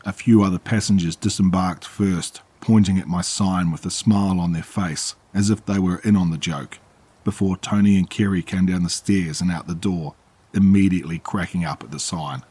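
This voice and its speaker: A man narrating a horror story in a calm, measured way. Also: sits low, husky, dry recording.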